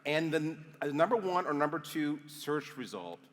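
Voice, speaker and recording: A man's voice: a little high, expressive, moderate pace, fairly bright tone. Chatty male interviewer in a reverberant hall. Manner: chatty, jokey, frequent yeahs. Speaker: event host. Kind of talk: onstage interview. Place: large hall with audience.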